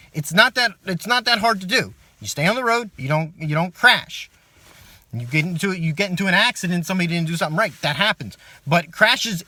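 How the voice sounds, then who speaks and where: Male stand-up comic, high and bright, swears freely, swings between quiet asides and loud rants. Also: no echo. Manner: ranting, profane, swings from low asides to loud outbursts. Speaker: stand-up comedian. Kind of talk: stand-up comedy routine.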